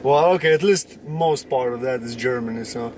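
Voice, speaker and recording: A man's voice: medium pitch, moderate pace, darkish tone, distant mic. A man chatting casually on a road trip, joking while reading out fuel numbers. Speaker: vlogger. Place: inside a moving car. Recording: car noise, voice from off-mic.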